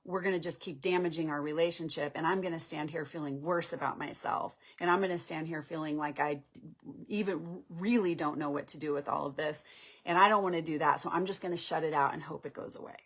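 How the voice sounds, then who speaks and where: A woman's voice: low-pitched, fairly even intonation, brisk. A woman acting out a defensive avoidant boyfriend who rationalizes and brushes his partner off. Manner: rationalizing, dismissive.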